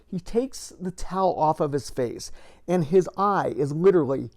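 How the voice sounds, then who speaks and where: Older man with a high voice telling a story. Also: normal speed. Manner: lively storytelling that builds to acted-out moments. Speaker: retired police officer and author.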